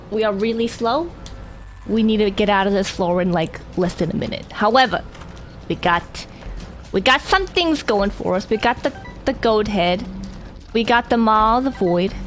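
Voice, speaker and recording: A woman's voice: medium pitch, lively intonation, normal speed, pauses often, soft background music. A woman giving casual, rambling gameplay commentary, talking animatedly and swearing casually. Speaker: gameplay streamer.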